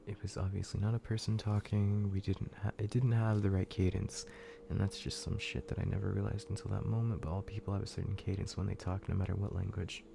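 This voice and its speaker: A man's voice: low voice, level tone, brisk, creaky, noisy background. A man streaming, narrating a scary story in a casual, profane, laid-back way with frequent restarts.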